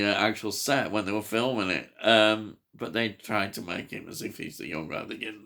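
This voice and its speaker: A man's voice: fairly low pitch, creaky, bright, forceful tone. A man chatting casually about a film, hesitant with lots of fillers but enthusiastic. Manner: hesitant, many fillers and restarts. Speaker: film reviewer. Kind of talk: casual film review chat.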